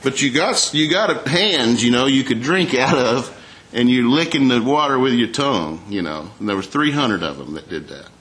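A man preaching a sermon at a middling pitch. He talks in a folksy, conversational way, reads scripture aloud and often turns to the congregation with a question. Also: expressive, normal speed, a bit bright.

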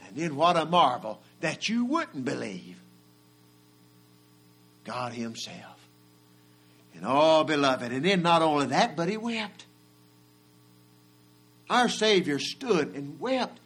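A man preaching a sermon. He builds to loud shouted peaks and then drops low. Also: big pitch swings, takes it slowly, long pauses, husky. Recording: mains hum in the background.

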